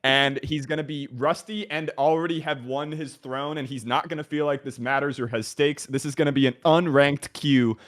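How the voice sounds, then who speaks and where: A man on a panel talk show, making dry, wry, deadpan jokes. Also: a little high, moderate pace, hardly any pauses. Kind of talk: casual panel chat.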